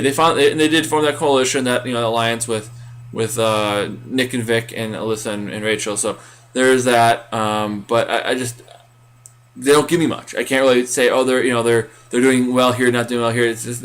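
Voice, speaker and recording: A man's voice: mid-range voice, steady tone, normal speed, a bit bright. A man co-hosting a casual recap podcast, rambling with many fillers and restarts. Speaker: podcast co-host.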